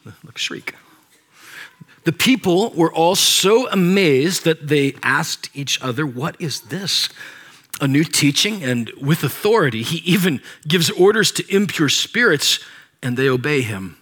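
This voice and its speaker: A man's voice: fairly high pitch, expressive, a little slow, a bit bright, breathy edge. A man preaching a sermon as pastor, reading scripture aloud and adding casual, joking asides to the congregation. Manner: reads scripture aloud with commentary.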